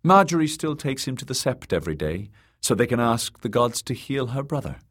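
A man's voice: medium pitch, big pitch swings, brisk, fairly bright tone, pitched above the performer's own voice. A man voicing a haughty, anxious queen, a grown woman, in a raised voice. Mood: worried.

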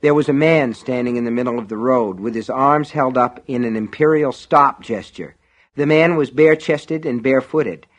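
Male audiobook narrator, mid pitch, steady wry storytelling. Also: normal speed.

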